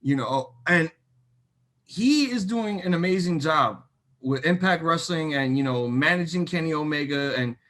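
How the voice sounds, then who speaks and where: A young man co-hosting a casual wrestling chat show, excitable and animated, with many fillers. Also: fairly high pitch, a little slow. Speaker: co-host.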